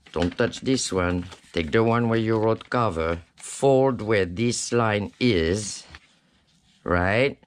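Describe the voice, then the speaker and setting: A man with a lowish voice walks the viewer through a craft project at an unhurried, easygoing pace. He keeps tossing in "right?" and "okay?" to check that the viewer is following. His tone stays chatty and reassuring while he works with his hands. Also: a little hiss or hum. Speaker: craft tutorial host. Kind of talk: casual step-by-step craft tutorial.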